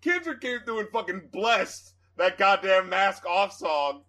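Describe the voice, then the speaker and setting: A man co-hosting a casual music review podcast, animated and profane, laughing often and slipping into mock-pleading voices. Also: high-pitched, measured pace. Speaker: podcast co-host.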